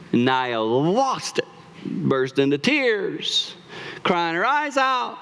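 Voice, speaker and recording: A man in his fifties preaching in church, animated as he tells personal stories, often repeating words and laughing. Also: on the high side, slow pace, smooth. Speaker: pastor.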